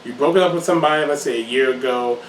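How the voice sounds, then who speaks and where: A young man with a medium-pitched voice argues his points firmly, teasing his friend and laughing as he goes. He sits back from the mic in an echoey room. A faint hiss runs behind him. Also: fast talker, recorded from a distance. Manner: teasing, emphatic, laughs a lot. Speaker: vlog host. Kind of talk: casual chat.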